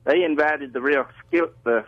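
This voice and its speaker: A man's voice: a little high, normal speed, no room sound. A man from Georgia calling a radio show, rambling and plain-spoken. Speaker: caller. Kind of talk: phone call-in story. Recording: muffled phone line.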